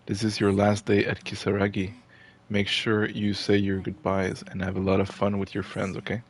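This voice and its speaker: Harried bitter mother read by a man, low voice, horror game. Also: monotone, moderate pace, lightly acted. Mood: exasperated. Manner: reading game dialogue aloud. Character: harried mother, bitter about her husband.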